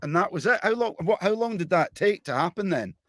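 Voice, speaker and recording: A man's voice: sits high, animated, fairly quick, fairly bright tone. Man asking short casual questions. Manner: brief encouraging interjections. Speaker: podcast host. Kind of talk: casual interview chat.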